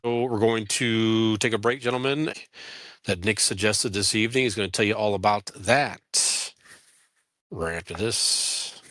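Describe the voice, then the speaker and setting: A man in his fifties co-hosting a podcast, talking in an earnest, reflective, halting way. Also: lowish voice, a bit bright, no echo. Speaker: podcast co-host. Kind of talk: casual podcast chat.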